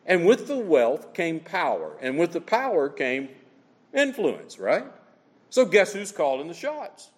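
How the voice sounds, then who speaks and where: Lively preaching man in a hall. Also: a little high, measured pace. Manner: animated preaching, rhetorical questions, reads scripture aloud. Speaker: pastor. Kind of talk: sermon.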